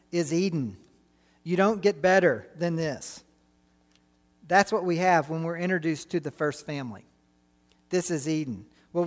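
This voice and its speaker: A middle-aged man preaching a sermon, animated and full of rhetorical questions to the congregation. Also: sits high, in a large hall.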